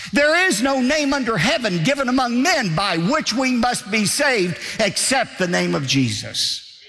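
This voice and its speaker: A man's voice: very high-pitched, very animated, unhurried, vocal fry, bright, forceful tone, long reverb tail. A man preaching a sermon as pastor, emphatic and repetitive in his delivery.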